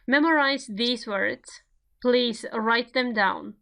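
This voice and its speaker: A woman delivers a recorded grammar lecture. She takes her time, speaking slowly and setting each example sentence out with care. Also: fairly high pitch, sharp tone. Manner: slow, deliberate, spelling out each example. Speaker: grammar teacher.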